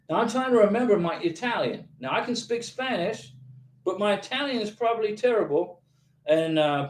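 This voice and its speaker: Reading viewer questions aloud on his casual livestream, this YouTube host answers with emphasis and encouragement. His voice is high and animated, his pace moderate, and the room has an echo.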